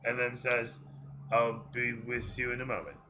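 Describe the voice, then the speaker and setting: A man's voice: medium pitch, fairly even intonation, normal speed, noisy background, lightly acted. A man voicing a polite, wary old male shopkeeper in a tabletop game, courteous and a little hesitant.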